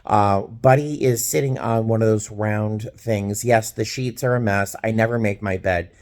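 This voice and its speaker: A man in his fifties, a flight attendant, vlogging casually from a hotel room and telling a story in a chatty, animated way. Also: on the low side, normal speed. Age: 50s. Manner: chatty storyteller, animated, quotes people in voices. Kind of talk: casual vlog chat.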